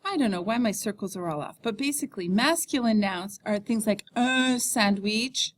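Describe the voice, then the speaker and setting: A woman French teacher giving a recorded lesson, explaining in English and saying French phrases slowly for students to repeat. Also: mid-range voice.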